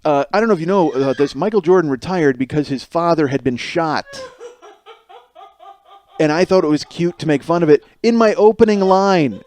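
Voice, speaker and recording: A man's voice: on the high side, lively intonation, moderate pace, darkish tone. A man in his forties hosting a comedic podcast, rambling, swearing and mocking himself. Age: 40s. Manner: rambling, profane, self-mocking. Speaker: podcast host. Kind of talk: solo comedic podcast monologue.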